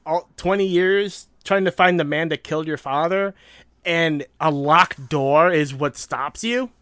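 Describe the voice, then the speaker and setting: A man co-hosting a casual chat, talking animatedly and sometimes acting out quotes loudly. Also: on the high side, unhurried, dry recording. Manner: animated, acts out quotes in a loud voice. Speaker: podcast co-host. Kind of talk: casual film discussion.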